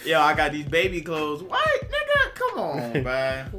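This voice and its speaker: Co-host, high and wildly lively male voice, joking, crude. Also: measured pace. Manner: animated, joking, profane. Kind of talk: casual banter.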